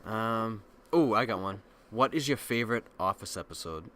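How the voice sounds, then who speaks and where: A man's voice: fairly low pitch, animated, moderate pace, fairly bright tone, slight background noise. A man in his thirties hosting a podcast, chatting casually, joking and swearing loosely. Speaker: podcast host. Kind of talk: casual chat.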